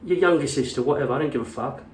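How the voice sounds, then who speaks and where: Rambling, profane male vlogger at middle pitch, echoey small room, mic at a distance. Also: racing. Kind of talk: casual chat.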